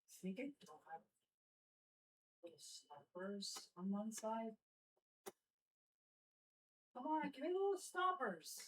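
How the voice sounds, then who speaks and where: A young adult woman livestreams from home, setting up her gear while chatting casually with her chat. She rambles with plenty of fillers, in a mid-range voice.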